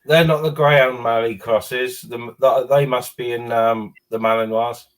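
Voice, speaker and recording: A man's voice: medium pitch, fairly even intonation, a little slow, low-quality recording. A man chatting casually as a guest over a video call, mostly giving short, laid-back agreeing replies. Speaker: guest on livestream. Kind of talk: casual chat.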